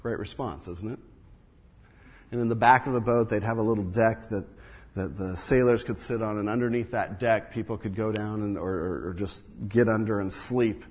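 A man preaching a sermon as pastor, moving between loud emphatic bursts and hushed low asides. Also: fairly even intonation, normal speed, slightly rough. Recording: long reverb of a large hall.

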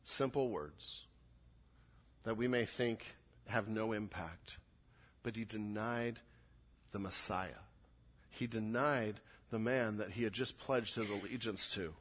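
A man's voice: fairly low pitch, slow pace, pauses often. A man preaching a sermon, acting out quoted lines with rising intensity. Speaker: pastor.

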